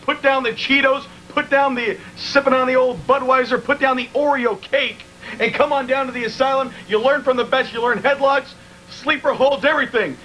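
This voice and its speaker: Man, show host, brash pitchman, sarcastic, bright sharp voice. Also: fairly even intonation, normal speed, a little hiss or hum, rough recording. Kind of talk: mock commercial reads and comedy bits.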